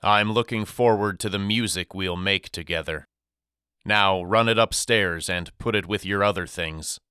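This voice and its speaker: A man voicing a gentle, loving middle-aged father who speaks softly. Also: low-pitched, a little slow, smooth, no room sound, studio quality.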